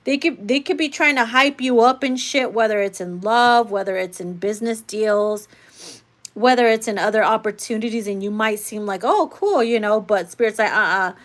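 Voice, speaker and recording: A woman's voice: mid-range voice, fairly even intonation, normal speed. A woman giving a casual live tarot reading, talking bluntly and swearing freely. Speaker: tarot reader.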